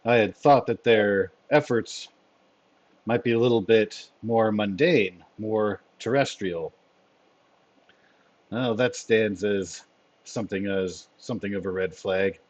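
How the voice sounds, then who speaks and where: A man's voice: fairly low pitch, lo-fi sound. A man playing Fury, a formal spy chief. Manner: formal, measured, dryly wry. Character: formal male spy chief giving orders.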